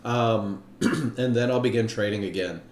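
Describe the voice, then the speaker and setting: A man's voice: fairly low pitch, measured pace, darkish tone, slight background noise. A man leading a live online trading class, upbeat and chatty, greeting viewers by name. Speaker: trading instructor. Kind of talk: live webinar teaching. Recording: roomy echo.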